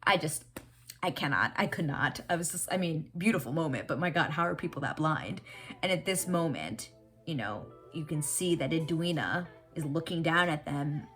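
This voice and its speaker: A woman recapping a TV episode in casual reaction chat, animated and excitable, swearing freely. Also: low-pitched. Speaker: TV reaction vlogger.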